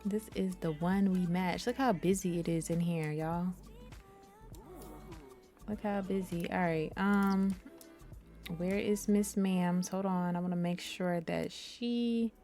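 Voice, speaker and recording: With a fairly low voice and a slow pace, a young woman does chatty let's-play commentary over faint background music. As a gaming YouTuber, she's animated and addresses viewers directly as y'all.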